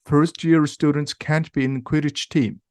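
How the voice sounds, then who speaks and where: A man reading the lines of a stern older woman who teaches magic, firm and measured. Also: on the high side, flat delivery, a little mellow, no room sound, studio quality, voice pushed up, close to an everyday voice.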